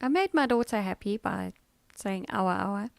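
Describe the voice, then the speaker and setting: Woman, middle-aged, livestream host, chatty and rambling, gravelly, dry. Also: medium pitch, animated, moderate pace, no echo. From South Africa. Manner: chatty, laughing, rambling with fillers. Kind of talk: casual livestream chat.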